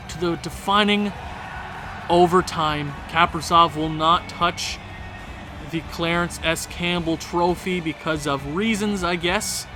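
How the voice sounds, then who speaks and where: A young man commentating his own hockey video game, swinging from low muttering to shouting at his team. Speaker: gaming YouTuber.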